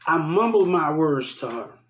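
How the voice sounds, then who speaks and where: A man's voice: on the high side, animated, moderate pace. A man ranting heatedly about his mistreatment, repeating himself and quoting what others told him. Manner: repetitive, aggrieved, quoting others. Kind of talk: heated personal rant. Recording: echoey room.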